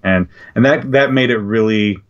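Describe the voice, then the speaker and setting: Male guest, low voice, earnest and reflective, dull lo-fi sound. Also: normal speed. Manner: earnest, reflective, hesitant restarts. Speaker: podcast guest. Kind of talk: casual chat. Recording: dull lo-fi audio.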